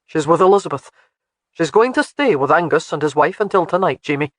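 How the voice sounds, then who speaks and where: A narrator voicing a stern, curt Highland laird. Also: male voice, expressive, a little fast, fairly bright tone, no echo. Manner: terse, clipped. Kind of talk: audiobook character voice.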